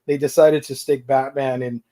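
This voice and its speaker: A man's voice: mid-range voice, level tone, moderate pace, warm tone. A man chatting as a guest about comic movies and books, explaining at length with many fillers. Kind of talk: casual chat.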